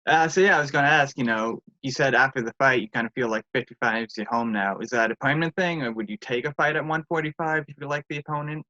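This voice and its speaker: A man's voice: mid-range voice, fast talker, hardly any pauses, pushed and bright. A man interviewing a fighter, asking casual questions in an upbeat, easygoing way. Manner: upbeat, easygoing, laughs along. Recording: dull lo-fi sound.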